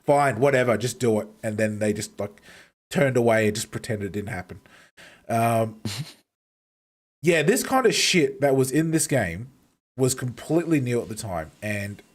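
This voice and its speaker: A man's voice: medium pitch, lively intonation, moderate pace, long pauses. A man hosting a stream and telling rambling, swear-filled gaming stories in casual chat. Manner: rambling storyteller, heavy swearing. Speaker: streamer host.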